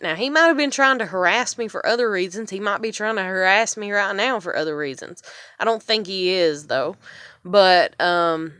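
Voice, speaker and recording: A woman's voice: mid-range voice, animated, normal speed, fairly bright tone, clear, resonant tone, dry recording, studio quality. A woman in her thirties telling her own story in a rambling vlog, swearing often, with plenty of fillers and restarts. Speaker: vlogger. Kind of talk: casual personal storytelling.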